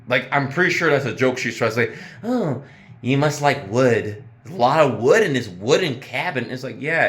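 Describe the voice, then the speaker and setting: A man's voice: medium pitch, a bit bright. Profane ranting man reviewing a show. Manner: ranting, profane, exasperated, laughs at his own jokes. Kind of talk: casual profane review rant.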